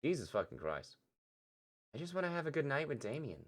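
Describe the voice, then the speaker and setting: A man's voice: on the high side, big pitch swings, fairly quick, pitched above the performer's own voice. A man reading a spiteful, muttering teen girl. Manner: cold, muttered insults. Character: hostile sharp-tongued teen girl.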